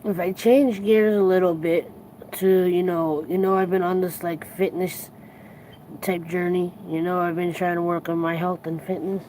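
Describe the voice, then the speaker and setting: A tired livestream host chatting casually to viewers, earnest and reflective, rambling and halting with many restarts. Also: medium pitch, level tone, mellow, slight background noise, poor audio.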